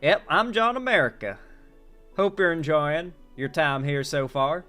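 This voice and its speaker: A man's voice: fairly high pitch, expressive, a little slow, bright, forceful tone, faint music behind. A man putting on a brash Southern drawl. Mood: folksy.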